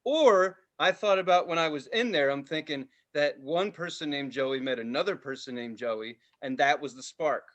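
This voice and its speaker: A man in his thirties, hosting a casual podcast and telling a story with loud voices and plenty of swearing. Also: mid-range voice, normal speed, few pauses. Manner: animated, profane, does loud voices in his stories. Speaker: podcast host.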